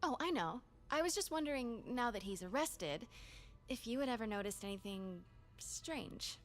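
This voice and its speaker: An actress voicing a curious young female reporter in a video game, talking softly and often in hushed asides. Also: on the high side, lively intonation, moderate pace, natural voice. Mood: probing. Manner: soft, often whispered asides. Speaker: game character.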